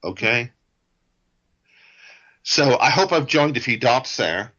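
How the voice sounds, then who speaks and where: A man's voice: medium pitch, expressive, slow pace, pushed and bright, breathy edge, muffled recording. A middle-aged man as a guest on an interview show, talking at length in a ranting, digressive way with wry asides. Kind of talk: rambling interview talk.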